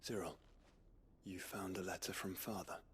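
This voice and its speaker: An earnest young noble warrior. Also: male voice, low voice, fairly even intonation, moderate pace, a bit bright, a little hiss or hum. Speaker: game character. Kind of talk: video game voice acting. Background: game music.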